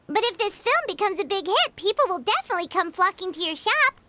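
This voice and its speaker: A woman's voice: very high-pitched, big pitch swings, moderate pace, noisy background. A woman voicing a chirpy little floating girl companion in a video game who talks about herself in the third person. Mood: chatty.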